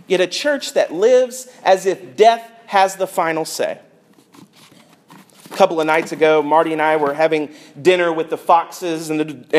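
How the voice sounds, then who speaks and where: A male pastor, preaching a sermon in an earnest, conversational way with dramatic emphasis. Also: high voice.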